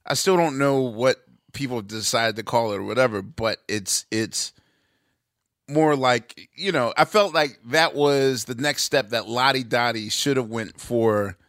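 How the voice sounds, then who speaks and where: A man's voice: mid-range voice, measured pace, fairly bright tone, dry recording, clean studio sound. A man hosting a casual interview, enthusiastically breaking down music with spoken examples. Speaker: podcast host.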